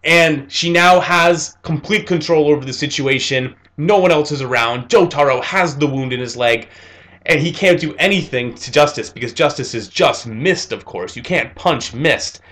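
A young man reviewing an anime episode, retelling scenes in a casual, animated way with fillers. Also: fairly high pitch, normal speed.

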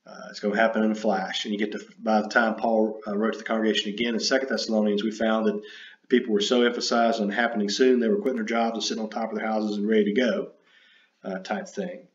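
A man giving an unscripted lecture, halting and full of fillers and self-corrections. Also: on the low side, little pitch movement. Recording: dull roomy recording.

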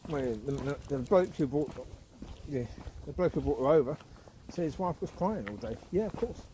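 A man's voice: a little high, animated, normal speed, slight background noise. Chatty man on a dog walk. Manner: chatty, calls out loudly to the dog. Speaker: dog owner vlogger. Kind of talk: casual outdoor chat while walking a dog. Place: outdoors on a rural walk.

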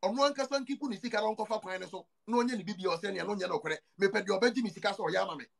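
Ghanaian male podcast host, quick and high, gravelly edge, emphatic and repetitive. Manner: emphatic, repeats points, mixes two languages. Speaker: show host. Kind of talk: casual podcast chat.

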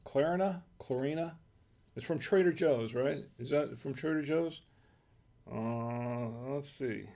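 A man's voice: medium pitch, a little mellow, slight background noise. A man hosting a casual wine tasting livestream, musing aloud in a hesitant, chatty way. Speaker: wine review show host.

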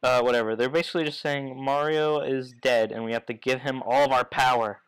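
A man's voice: mid-range voice, steady tone, a little fast, few pauses, clean tone, rough recording. Crude, self-mocking young gamer guy. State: voice going hoarse. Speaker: let's play host. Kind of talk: casual gameplay commentary.

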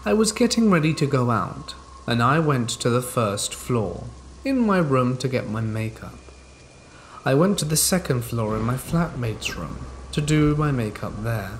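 A man reading scary stories aloud in a measured, steady scripted narration. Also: mid-range voice, a little hiss or hum, low-quality recording. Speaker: horror story narrator. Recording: rain sounds under the narration. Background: rain.

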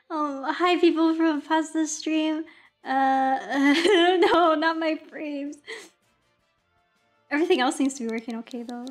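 A young woman streaming casually, chatting to her viewers in an excitable, rambling way full of filler words. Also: sits high, slow, faint music behind. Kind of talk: casual livestream chat.

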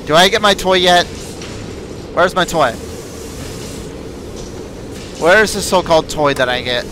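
High-voiced man narrating his gameplay. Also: animated, measured pace, noisy background. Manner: chatty, talks to game characters, yelps when chased. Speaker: gaming video creator. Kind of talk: let's play commentary.

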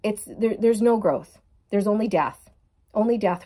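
A woman giving a casual tarot reading, speaking straight to her viewers in a gushing, excitable way. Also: medium pitch, a little slow, slightly rough. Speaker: tarot reader.

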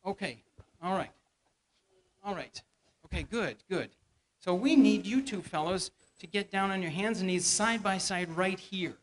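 In a church hall before a congregation, a church elder teaches a Bible lesson by playfully steering volunteers through a staged skit and feeding them their lines. His voice is high and his pace measured, with a little background noise.

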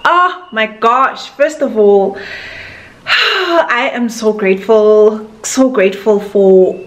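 A woman's voice: fairly high pitch, slow pace. A woman in her twenties with a South African accent, talking to camera in a casual vlog, gushing and emotional with many fillers. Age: 20s. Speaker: vlogger.

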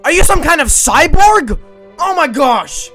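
A man's voice: extremely high pitch, wildly swooping pitch, takes it slowly, pushed and bright, faint music behind, heavily acted. A man voicing an awkward, overly familiar adult male stranger who draws his words out eagerly.

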